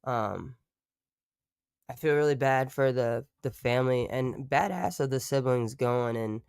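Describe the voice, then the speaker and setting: A man with a smooth, clean voice at a middling pitch, recorded dry and close with no room sound. He talks casually and rambles on a live stream, swearing freely and stopping now and then to call his dog. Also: unhurried, a little mellow, dry recording. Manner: profane, rambling, breaks off to talk to his dog.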